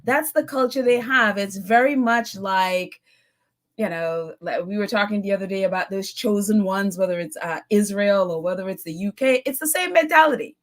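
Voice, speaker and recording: A woman's voice: mid-range voice, moderate pace. A woman hosting a live call-in chat, reading viewer comments and giving her opinions, laughing often. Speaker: host.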